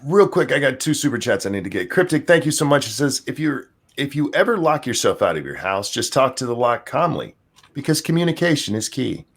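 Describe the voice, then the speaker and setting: A man's voice: mid-range voice, big pitch swings, brisk, a bit bright. A man hosting a podcast, reading viewer messages and steering the chat with jokes. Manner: joking, reads viewer messages aloud. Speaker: podcast host.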